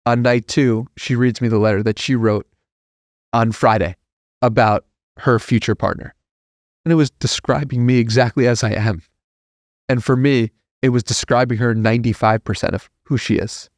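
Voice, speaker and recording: A man guesting on a podcast, telling a personal story in an earnest, heartfelt way that grows animated. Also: mid-range voice, normal speed, no echo, studio quality.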